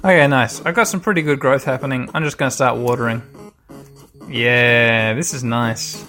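A man's voice: medium pitch, fairly even intonation, normal speed, sharp tone, soft background music. A man casually commenting on a video game as he plays, rambling and swearing freely. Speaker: gamer. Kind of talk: casual let's-play commentary.

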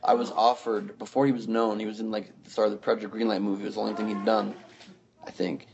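Gravelly man telling stories. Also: fairly low pitch, level tone, quick pace, lo-fi sound, background noise. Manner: storytelling, mock-indignant. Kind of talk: casual comedic chat.

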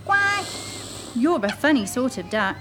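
Woman voicing a fussy mother duck, quacking, puzzled, high storybook voice. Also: sing-song, a little slow, noisy background.

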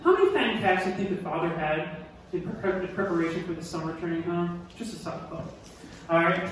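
A man with a high voice delivers a sermon with emphatic repetition and questions to his listeners. He is picked up from a distance, so the voice bounces around a big reverberant hall. A faint noise hums underneath. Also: fairly quick. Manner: animated, emphatic, repeats key lines, asks the audience questions. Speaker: pastor.

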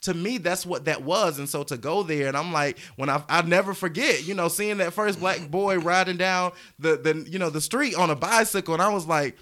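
Man, 30s, from the South, interview guest; lively storyteller who acts out voices, slightly high and forceful delivery. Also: moderate pace, hardly any pauses. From Georgia, US. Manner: animated, acts out voices, laughs often. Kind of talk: storytelling in casual conversation.

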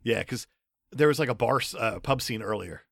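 A man's voice: medium pitch, lively intonation, fairly quick, vocal fry, no echo. A man co-hosting a podcast, chatting enthusiastically about favorite film scenes and laughing often, recorded on a close mic. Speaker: podcast co-host. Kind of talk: casual chat about a film.

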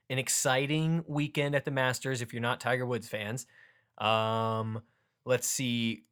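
Hosting a casual sports podcast, a young man sounds upbeat and jokey as he hypes up the show with energetic intros. His voice sits in the mid range with a slightly bright edge.

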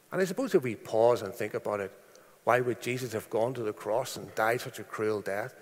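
A man preaching a sermon in a slow, deliberate way, dropping low and soft when he quotes scripture. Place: church. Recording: long church reverb.

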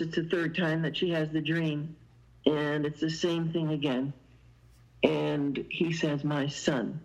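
A woman's voice: fairly low pitch, low-quality recording. A woman guest telling a long story in casual conversation, meandering and sprinkling in fillers. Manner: meandering, many "you know" fillers.

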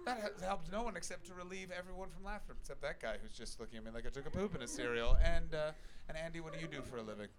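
Canadian comedy guy yelling jokes at the crowd, kinda high voice, lots of swearing, loud audience laughing around him. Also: expressive, very fast, few pauses. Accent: Canadian, Ontario. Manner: loud, brash, profane teasing of the audience. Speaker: stand-up comedian and podcast host. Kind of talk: live stand-up crowd work. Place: comedy stage before a live audience. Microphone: handheld stage microphone. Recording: live venue with a loud crowd.

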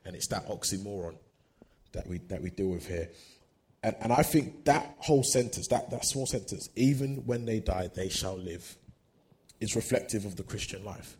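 A man's voice: lowish voice, moderate pace, darkish tone, low-quality recording. A man preaching a sermon, earnest, often repeating words as he works through a thought.

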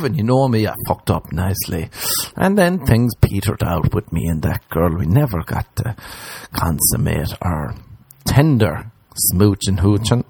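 A man, rambling through a jokey comedy monologue and jumping into high put-on voices. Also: expressive, measured pace, darkish tone, slightly rough, no echo. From Ireland.

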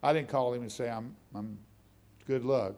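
A man's voice: mid-range voice, steady tone, normal speed, darkish tone. A middle-aged man preaching a testimony sermon, telling his story in a conversational way that builds into fervent preaching.

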